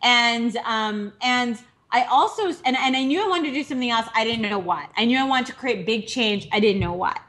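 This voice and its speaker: A woman's voice: a little high, animated, moderate pace, fairly bright tone. A woman in her thirties from Minnesota, telling her startup story as a speaker in a candid, conversational way, with self-deprecating humor and many fillers. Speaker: entrepreneur speaker. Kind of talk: personal story talk. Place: live virtual speaker broadcast.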